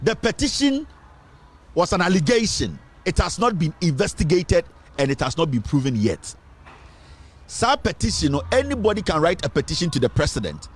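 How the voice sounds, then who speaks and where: This host's voice is a little high and slightly rough, very animated at a moderate pace, carrying a Ghanaian English accent. Commenting on politics for an online news show, he switches between English and Twi and drives his points home by repeating phrases.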